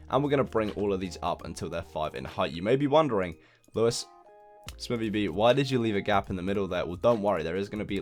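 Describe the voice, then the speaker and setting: A young man hosting a building game tutorial, chatting casually and poking fun at himself while counting blocks out loud. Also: deep voice. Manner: chatty, self-deprecating, counts blocks aloud. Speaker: Minecraft building tutorial host. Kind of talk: casual gameplay tutorial commentary.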